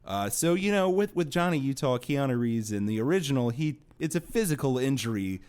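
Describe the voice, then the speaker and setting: A man's voice: medium pitch, animated, a little fast, a little mellow, clean tone. A man co-hosting a movie podcast, riffing sarcastically in casual chat. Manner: wry, sarcastic storytelling with mock impressions. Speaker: podcast co-host.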